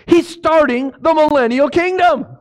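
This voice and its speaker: A man preaching a sermon, asking the congregation questions and swinging between hushed low lines and loud exclamations. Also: moderate pace. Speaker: pastor.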